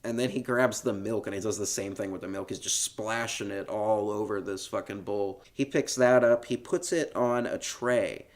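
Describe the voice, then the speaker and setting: A man co-hosting a podcast, retelling a film scene by scene in a relaxed, laughing, casual way. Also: lowish voice, normal speed, few pauses. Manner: relaxed storytelling, laughs often, swears casually. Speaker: podcast co-host. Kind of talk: casual film recap chat.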